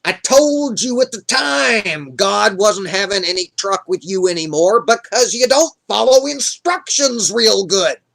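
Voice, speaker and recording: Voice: medium pitch, animated, a little slow, hardly any pauses, natural voice. A livestream narrator voicing the ghost of a grumpy old prophet who scolds crudely and with contempt, in an improvised comic Bible retelling. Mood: scolding.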